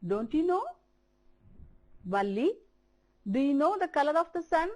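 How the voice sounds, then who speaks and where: A woman teacher with an Indian English accent giving a televised primary-school English lesson, speaking slowly and repeating words for children to copy. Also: high-pitched, big pitch swings, darkish tone.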